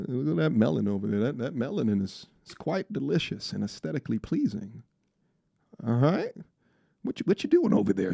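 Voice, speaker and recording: A man's voice: medium pitch, gravelly. A man hosting a live stream, reading out super chats in a playful, teasing way and laughing often. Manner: playful, teasing, laughs often, jumps between hype and mock-serious. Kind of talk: casual live stream chat. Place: travelling abroad.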